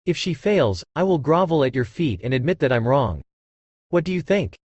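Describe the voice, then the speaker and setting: A man voicing a calm, confident young husband in an audiobook, speaking with a teasing edge. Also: fairly high pitch, moderate pace, husky, no echo. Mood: mocking.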